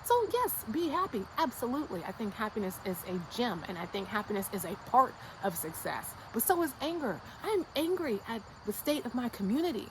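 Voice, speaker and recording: American woman vlogger, a little high-voiced, blunt and slangy, repeats herself for emphasis. Faint noise behind her. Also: sing-song, brisk, hardly any pauses. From United States. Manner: fired-up and insistent. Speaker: YouTube creator. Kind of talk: casual motivational rant to camera.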